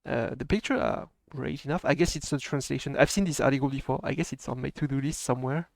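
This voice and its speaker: A man's voice: mid-range voice, fast talker, gravelly, no echo. A man with a French accent, hosting a casual live stream and chatting with a laugh in his voice. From France. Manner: chatty, laughs often, mixes in French phrases. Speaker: stream host.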